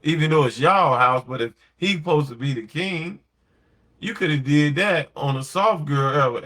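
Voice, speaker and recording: On a late-night podcast, a male host tells stories and gives opinions in a blunt, slangy, emphatic way. His voice is a little high and fairly bright, and he talks at normal speed.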